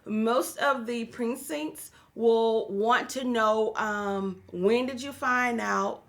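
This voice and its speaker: Woman, show host, gravelly voice, on the higher side, chatty, filler-heavy, talks straight to viewers. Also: slow. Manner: chatty and encouraging, many fillers, addresses viewers as guys. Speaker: host of a business and real estate show. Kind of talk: casual talk to the camera.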